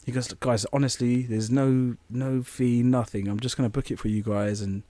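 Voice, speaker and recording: A man's voice: medium pitch, steady tone, normal speed, warm tone, no echo. A young man co-hosting a podcast, rambling through an anecdote and acting out quoted voices. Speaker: podcast co-host. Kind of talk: casual storytelling chat.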